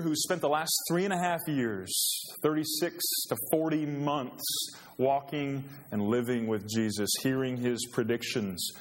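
A man preaching a sermon as pastor, earnest and growing emphatic in a church. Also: mid-range voice. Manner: earnest, rising to emphatic when quoting scripture. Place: church sanctuary. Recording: long reverb of a church hall.

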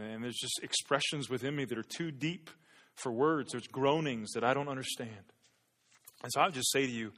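A man's voice: mid-range voice, a bit bright. Earnest preacher man in a reverberant hall. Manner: earnest, often repeats words as he builds emphasis. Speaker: pastor. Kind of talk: sermon.

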